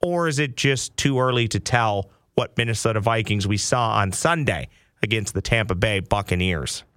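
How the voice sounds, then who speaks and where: A man hosts a sports podcast with excitable, joking energy. His voice is bright and forward. The sound is close and dry with no room around it. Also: fairly low pitch, clear, resonant tone, no room sound. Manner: excitable, playful, rapid patter. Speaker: podcast host. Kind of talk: casual sports podcast chat. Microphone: headphones with studio mic.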